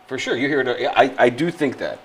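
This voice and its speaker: A man's voice: medium pitch, expressive. A man from Illinois co-hosting a podcast, rambling and joking in casual banter, with a faint hiss behind him. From Illinois, Midwest. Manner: joking, rambling, does quick mock accents. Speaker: podcast co-host.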